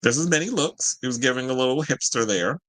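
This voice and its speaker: A man's voice: mid-range voice, lively intonation, fast talker, fairly bright tone, no room sound, rough recording. A man hosting casual celebrity gossip commentary, sassy and chatty, full of asides to his viewers. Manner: sassy and chatty, says "child" and "y'all". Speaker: host.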